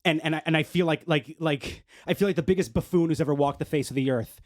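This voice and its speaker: A young man co-hosting a comedy podcast, ranting in an animated way, swearing often and swinging up to comic shouts. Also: fairly high pitch, fast. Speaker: podcast co-host. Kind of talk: comedic casual chat.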